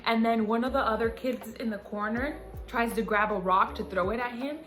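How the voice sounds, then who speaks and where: A young woman vlogger retelling a story in an animated, dramatic way. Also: fairly high pitch, normal speed. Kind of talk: storytime vlog. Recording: echoey room, music.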